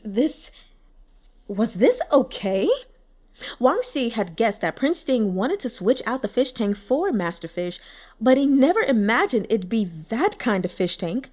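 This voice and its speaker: A woman reading a novel aloud as an audiobook narrator, telling the story expressively. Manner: expressive storytelling with lively pitch. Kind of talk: scripted narration.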